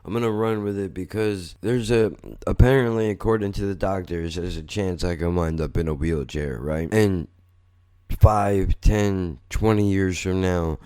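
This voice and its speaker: A man's voice: low voice, fairly even intonation, measured pace, darkish tone, clean tone. A man hosting a podcast, telling a rambling story in a blunt, profane way. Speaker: podcast host. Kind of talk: casual storytelling monologue.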